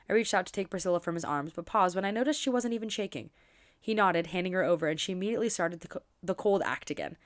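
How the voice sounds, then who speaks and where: A woman reading a romance novel aloud for her book channel, expressive and dropping in quick asides of her own. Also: lowish voice.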